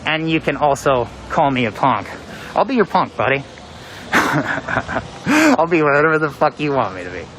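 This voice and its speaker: A woman's voice: sits low, very animated, a little slow, fairly bright tone. A woman livestreaming from a city street protest, taunting people with sarcastic, profane remarks. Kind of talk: live street stream commentary. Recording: phone audio with street crowd noise.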